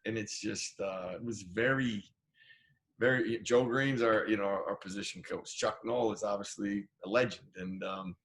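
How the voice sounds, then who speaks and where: A middle-aged man from Idaho, a former football player telling stories from his career as an interview guest, animated and acting out the people he quotes. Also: lowish voice, normal speed, slight background noise. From Idaho, USA. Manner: animated storyteller, acts out quoted voices. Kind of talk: casual storytelling interview.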